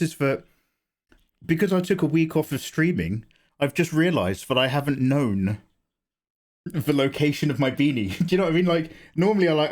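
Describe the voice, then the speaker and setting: A man, slightly hoarse from a cough, casually chatting and joking with viewers while he draws on a live stream. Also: fairly high pitch. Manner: chatty, joking, greets chat by name. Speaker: art streamer.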